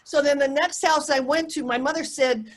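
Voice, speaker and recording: An older woman from the United States tells a personal story as an interview guest, with a slightly high voice. Her telling rambles and turns emotional, and she slips into quoted asides as she goes. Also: steady tone, normal speed.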